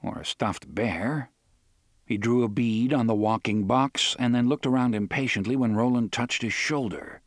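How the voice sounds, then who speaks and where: Male audiobook narrator, measured, mid pitch, dry close studio sound. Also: steady tone, no room sound. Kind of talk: scripted narration.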